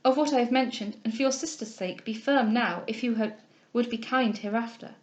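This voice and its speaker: A woman reading aloud voices a poised young heiress with a gentle, formal way of speaking. Her tone stays measured and kindly but firm. The voice sits on the high side. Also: lo-fi sound, lightly acted. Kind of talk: audiobook character reading.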